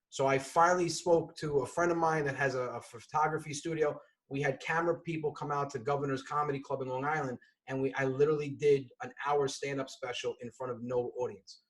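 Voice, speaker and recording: A man telling a fast, animated comic story as a podcast guest over a video call, bursting into shouts at times. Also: mid-range voice. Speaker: comedian and guest. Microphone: video call on a computer.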